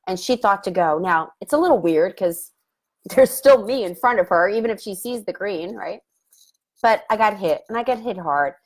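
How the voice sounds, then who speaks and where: A middle-aged woman talks casually about something that happened to her, in a chatty and reflective way. She laughs often and puts on little voices when she quotes what people said. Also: mid-range voice. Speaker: love coach and host. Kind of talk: casual vlog storytelling.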